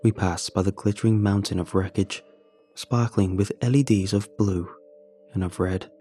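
A man narrating a first-person horror story in a measured, suspenseful way. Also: deep voice, steady tone, warm tone, breathy edge, soft background music.

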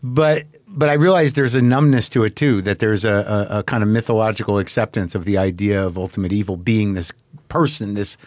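A man's voice: fairly low pitch, fairly even intonation, fairly quick, darkish tone, dry recording. Guy hosting a podcast, rambly, keeps restarting, swears a lot, dead dry sound. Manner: rambling, frequent restarts, profane. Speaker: podcast host. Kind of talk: casual interview chat.

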